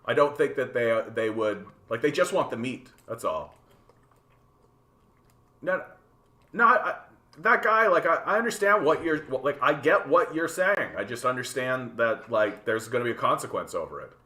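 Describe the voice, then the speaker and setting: Reading his chat during a relaxed stream, a man from Canada gets worked up and swears freely. He speaks at normal speed in a bright, forceful, mid-range voice, repeating himself as he figures out what he means, and the recording carries room echo.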